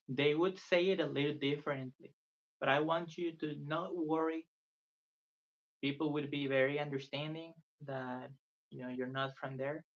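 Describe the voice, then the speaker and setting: Slow, patient male language tutor. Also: on the high side. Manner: patient, earnest, repeats phrases for the viewer to copy. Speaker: Spanish tutor. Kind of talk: live-streamed beginner language lesson. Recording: dull lo-fi sound.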